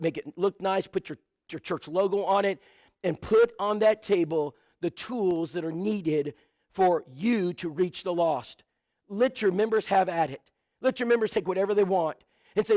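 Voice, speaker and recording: A man's voice: high-pitched, a little mellow, no room sound. A man preaching a sermon, telling stories and rattling off lists of supplies with asides to the congregation. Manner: storytelling with many lists and asides.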